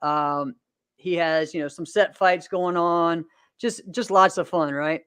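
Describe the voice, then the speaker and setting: A man in his thirties, a podcast host and martial arts competitor, chats casually in an upbeat, rambling way, with lots of fillers and frequent laughter. His voice is a little high, a bit bright, clear and resonant, with fairly even intonation and a slightly slow pace. There's no room sound.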